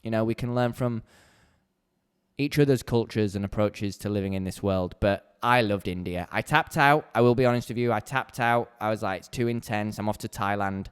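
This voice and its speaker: Blunt man with a smooth voice. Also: fairly low pitch, normal speed. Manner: blunt, candid, heated when ranting. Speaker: podcast host. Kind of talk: solo podcast monologue. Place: small home podcast corner.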